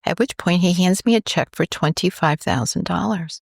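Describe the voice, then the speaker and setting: Creaky and lowish, her voice moves at normal speed in a dry, clean studio recording. She is a New York cancer researcher in a podcast interview, telling an animated story and acting out the dialogue of the people involved.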